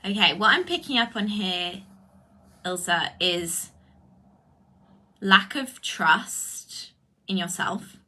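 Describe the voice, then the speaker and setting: Bright-voiced woman on a livestream. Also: mid-range voice. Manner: effusive, drawn-out exclamations. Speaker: spiritual coach. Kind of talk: livestream talk answering comments. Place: indoors, live video stream.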